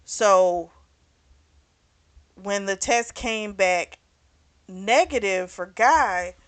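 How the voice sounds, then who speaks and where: A woman's voice: mid-range voice, expressive, very slow, no room sound. A woman casually recapping a novel's plot as a book reviewer, chatty, with fillers and restarts.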